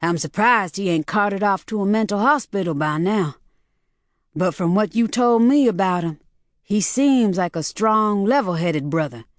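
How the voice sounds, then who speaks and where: A woman's voice: mid-range voice, expressive, a little slow, dry recording, clean studio sound, lightly acted. A woman narrator voicing a protective man who stands up for his sister, speaking emphatically. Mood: earnest.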